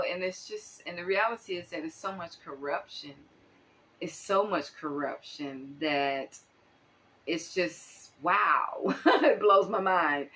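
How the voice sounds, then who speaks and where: A low-pitched woman from the United States talks straight to her viewers in a loose, unscripted monologue. She is animated, breaks into exclamations and fills her pauses with ums and you-knows. A faint background noise runs under her voice. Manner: animated, exclaiming, many fillers. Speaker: channel host. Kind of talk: casual monologue commentary.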